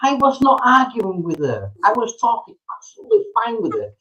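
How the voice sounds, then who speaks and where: A man's voice: extremely high pitch, wildly swooping pitch, a little fast, pushed and bright, slight background noise, low-quality recording. A man arguing heatedly on a livestream, repeating himself and swearing. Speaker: livestream chat member. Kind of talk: heated argument.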